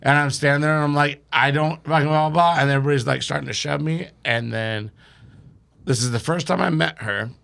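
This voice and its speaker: Gravelly, profane man telling stories. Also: a little high, a little fast, fairly bright tone. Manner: profane, laughing storyteller. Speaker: podcast guest. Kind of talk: casual storytelling.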